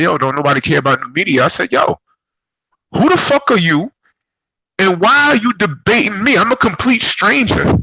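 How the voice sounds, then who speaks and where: Heated New man, bright husky voice. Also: medium pitch, no echo, poor audio. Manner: heated, profane, emphatic. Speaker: boxing vlogger. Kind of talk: angry vlog rant.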